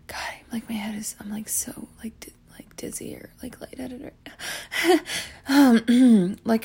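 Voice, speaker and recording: A woman's voice: mid-range voice, gravelly, a little mellow. A woman rambling to her listeners in a casual chat, full of likes and ums, swearing often and apologizing as she tells a story. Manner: apologetic, talks fast in bursts. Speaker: audio creator talking to listeners.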